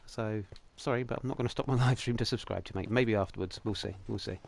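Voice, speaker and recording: A man's voice: medium pitch, fast, creaky, a little hiss or hum. A young man hosting a game livestream, talking through it in a chatty, jokey, rambling way. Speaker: livestream host. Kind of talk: casual game commentary.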